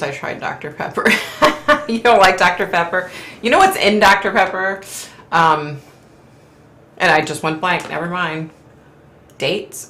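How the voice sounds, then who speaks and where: A woman's voice: low voice, vocal fry, fairly bright tone, roomy sound, a little hiss or hum. A middle-aged woman hosting a live stream from home, chatting casually in a rambling way and laughing often. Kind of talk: casual chat.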